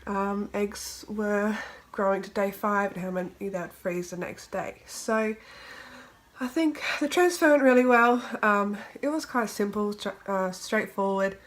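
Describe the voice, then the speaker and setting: A woman's voice: medium pitch, unhurried. Stuffy-nosed young woman vlogging. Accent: Australian. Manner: chatty, many fillers and ums. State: stuffy nose from a cold. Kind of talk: casual vlog update.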